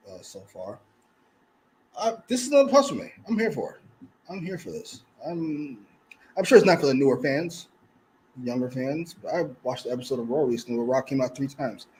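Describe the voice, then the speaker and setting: Animated, profane man reviewing wrestling. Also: mid-range voice, a little fast, a little hiss or hum, low-quality recording. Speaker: co-host. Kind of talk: casual wrestling review chat.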